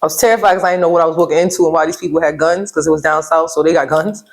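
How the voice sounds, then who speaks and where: A young woman from Brooklyn with a New York accent, a guest telling personal stories in a casual interview, animated and acting out the voices of others. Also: sits low, very fast, gravelly, poor audio. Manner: animated storyteller, acts out quotes, laughs often.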